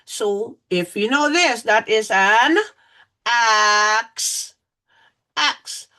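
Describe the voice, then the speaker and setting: A woman's voice: a little high, expressive, slow pace, pushed and bright. A woman teacher giving a phonics lesson to young children, patient and repetitive, often saying "all right".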